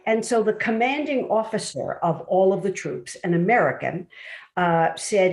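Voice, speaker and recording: A woman co-hosting a casual conversation, telling a lively story. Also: medium pitch, moderate pace, roomy sound.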